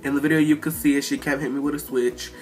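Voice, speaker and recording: A man's voice: a little high, very fast, soft background music. A man casually telling a rambling, profane storytime about a fight at home. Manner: profane, rambling, animated retelling. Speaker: storyteller vlogger.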